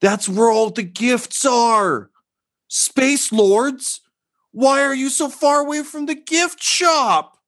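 A shrill panicky peasant. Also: male voice, slow, fairly bright tone, full character voice. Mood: alarmed. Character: excitable shouting male peasant.

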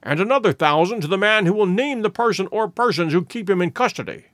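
A man's voice: high voice, expressive, fast talker, a bit bright, dry recording. A man voicing a stern, stately nobleman who talks with proud, impatient dignity in a storybook reading.

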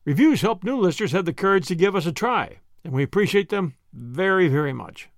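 A man's voice: high-pitched, expressive, fairly quick, no echo, clean studio sound. A man narrating a classic story and hosting a podcast, reading expressively. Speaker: audiobook narrator and podcast host.

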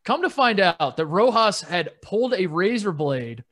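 A man's voice: high-pitched, big pitch swings, moderate pace, fairly bright tone. A man co-hosting a sports podcast, telling stories in a rambling, casual way with frequent laughs. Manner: rambling storyteller, laughs often. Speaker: podcast co-host.

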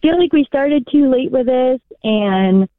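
A woman's voice: high voice, expressive, measured pace, no echo. A woman in her thirties calling an advice show, hesitant and asking for encouragement. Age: 30s. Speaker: caller. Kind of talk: phone call to an advice show. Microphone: telephone. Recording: thin phone line.

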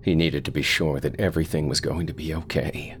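Very deep gravelly man narrating horror. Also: fairly even intonation, a little hiss or hum. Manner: slow, brooding storytelling.

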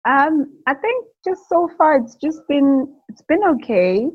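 A woman's voice: high-pitched, very animated, unhurried, no room sound. Chatty young woman with lots of fillers. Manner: rambling, many fillers, laughs often. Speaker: new mother interviewee. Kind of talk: casual interview talk. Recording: dull lo-fi sound.

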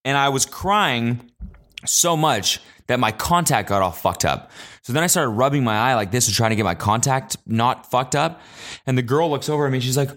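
A young man hosting a casual solo podcast, telling animated stories with lots of swearing and high-pitched acted-out quotes. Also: moderate pace. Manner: animated storyteller, swears a lot, jumps high in pitch when acting out quotes. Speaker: podcast host.

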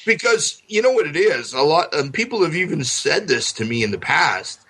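A man's voice: fairly high pitch, very animated, normal speed, pushed and bright, breathy edge, rough recording. A man chatting casually on a podcast, rambling through anecdotes full of fillers and acted-out quotes. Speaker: podcast guest. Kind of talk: casual chat.

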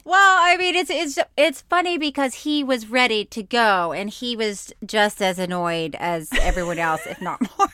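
A woman co-hosting a podcast in casual chat. She has a fairly high voice. She talks in a chatty way and giggles often. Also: moderate pace, hardly any pauses, pushed and bright, slight background noise. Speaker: podcast co-host.

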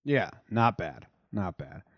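A young man co-hosting a podcast, joking and telling animated stories about a baseball game. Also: low voice, slow pace, husky, no echo, highs cut off. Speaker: podcast co-host. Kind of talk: casual sports chat.

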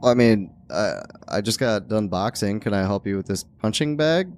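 A man's voice: fairly low pitch, lively intonation, moderate pace, darkish tone. A man playing a tabletop game, blunt and brash. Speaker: player. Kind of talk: casual tabletop play.

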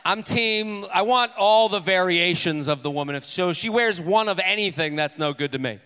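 High bright guy cracking jokes on stage at a live podcast, voice all over the place. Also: lively intonation, clear, resonant tone. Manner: joking, riffing quickly with a crowd. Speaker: podcast co-host. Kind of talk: comedic live podcast banter. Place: on stage in a theater.

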